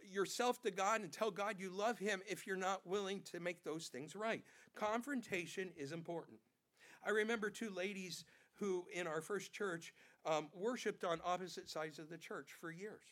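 A male pastor preaching a sermon, animated, acting out quotes in changing voices and often repeating words. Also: high voice.

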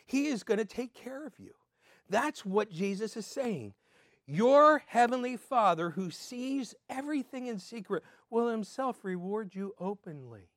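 An older man giving an earnest sermon as a pastor, swinging between emphatic and soft. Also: sits high, expressive, a little slow, no echo, clean studio sound.

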